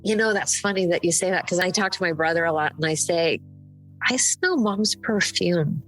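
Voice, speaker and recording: A woman's voice: fairly low pitch, normal speed, fairly bright tone, faint music behind, low-quality recording. An older woman, an interview guest, speaking candidly about her late mother, laughing through tears now and then. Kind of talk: emotional conversational interview.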